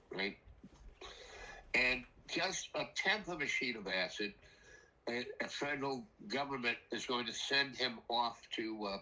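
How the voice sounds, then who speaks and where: An older man telling a rambling personal story in a casual, animated way, acting out the voices of the people in it. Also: mid-range voice, rough recording. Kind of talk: casual spoken anecdote.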